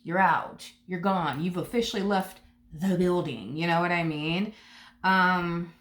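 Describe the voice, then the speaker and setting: A woman's voice: lowish voice, a little slow, fairly bright tone. A woman giving a casual, chatty tarot reading, sassy and full of asides. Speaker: tarot reader. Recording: roomy echo.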